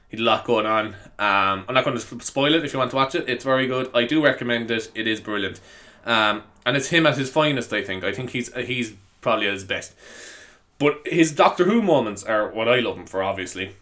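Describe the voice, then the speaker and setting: A young man talks on his own podcast in a loose, rambling way. His voice is bright and sits in a middle pitch. He laughs often and swears casually. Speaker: podcast host. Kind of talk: casual solo podcast chat.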